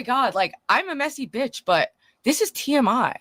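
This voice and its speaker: A woman streamer dishes on online drama in a gossipy, exclamatory way. Her pitch swings widely as she talks. The sound is dry and close. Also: sing-song, moderate pace, fairly bright tone, no echo. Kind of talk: casual commentary.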